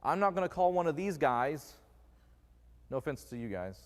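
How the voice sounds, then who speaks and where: A man's voice: a little high, sing-song, normal speed. A man preaching a conversational sermon in a church, joking and putting questions to the congregation. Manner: jokey, quizzes the congregation with questions. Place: church sanctuary. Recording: long reverb of a church hall.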